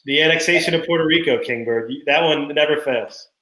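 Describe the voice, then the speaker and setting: A middle-aged man co-hosting a casual dad podcast, telling animated stories about his kids and laughing often. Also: fairly high pitch, a little fast, echoey room, poor audio. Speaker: podcast co-host. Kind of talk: casual chat.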